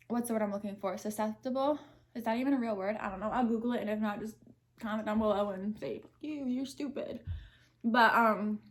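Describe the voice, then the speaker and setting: A young woman answering question cards while eating, talking candidly and thinking aloud. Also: a little high. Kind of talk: casual mukbang chat.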